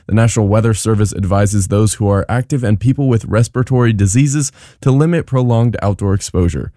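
A man's voice: on the low side, dark tone, no echo, clean studio sound. A man reading a scripted local weather and news update.

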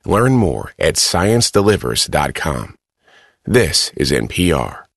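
Deep male network announcer, animated pitch, dry booth. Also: takes it slowly, breathy edge, dry recording. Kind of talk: scripted sponsor announcement.

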